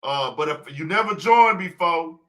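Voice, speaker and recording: A man's voice: fairly high pitch, expressive, measured pace, bright, forceful tone. A man hosting a casual livestream talk show, preaching his point with rhetorical questions he answers himself. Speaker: podcast host.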